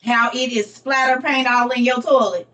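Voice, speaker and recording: A woman's voice: on the high side, steady tone, normal speed, sharp tone, distant mic. Laughing, teasing woman with a slangy drawl. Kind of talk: casual commentary on a reading.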